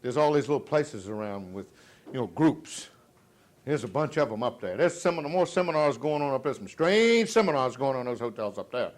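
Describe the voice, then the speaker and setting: A man's voice: medium pitch, animated, a little fast. A middle-aged man, from Virginia, giving a live motivational sales speech full of jokes and questions to the crowd. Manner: dramatic swings from loud to hushed, joking, audience call-and-response.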